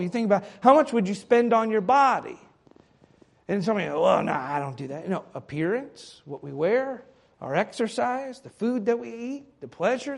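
High-voiced man preaching with swelling intensity. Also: vocal fry. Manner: swings from hushed to loud, dramatic pleading quotes. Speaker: pastor. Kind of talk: sermon.

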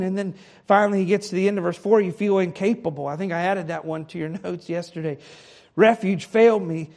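A man preaching a sermon, dropping to a hush and then building to loud, pleading passages. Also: high voice, vocal fry. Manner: swings from hushed to loud, dramatic pleading quotes. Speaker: pastor.

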